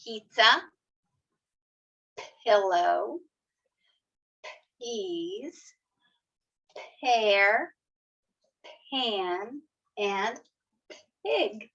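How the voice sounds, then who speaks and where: A kindergarten teacher walks young children through a phonics lesson, speaking slowly and sounding out each letter with patient encouragement. Her bright, fairly high voice is very animated and has vocal fry. The video audio is slightly dull and lo-fi.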